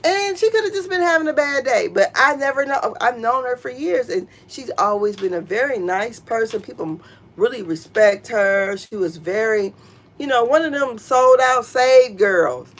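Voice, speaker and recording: A middle-aged woman chats through reality-show gossip in a blunt, profane way. She sits a little high in her voice and jumps into squealing tones whenever she quotes someone. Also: animated, moderate pace. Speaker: show commentator. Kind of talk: casual gossip commentary.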